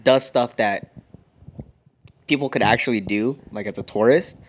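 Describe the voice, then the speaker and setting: A young man co-hosting a podcast, telling a story in relaxed casual chat with loose hesitations. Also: medium pitch, normal speed. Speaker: podcast co-host.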